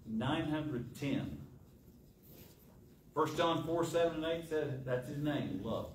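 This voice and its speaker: A middle-aged man preaching a sermon in a church, asking rhetorical questions and pausing for effect. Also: fairly high pitch. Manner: rhetorical questions with dramatic pauses. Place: church sanctuary. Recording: echoey church, distant mic, faint hiss.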